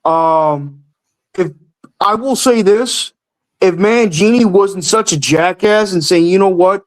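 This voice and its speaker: A man's voice: sits high, slow pace, rough recording. A young man calling in to a sports show, talking in an emotional, rambling way and swearing now and then. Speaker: caller. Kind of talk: casual sports call-in rant.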